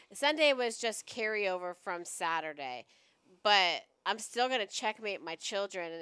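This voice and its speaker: A woman's voice: medium pitch, bright, forceful tone, smooth, no echo. A woman in casual chat, blunt and matter-of-fact about family matters.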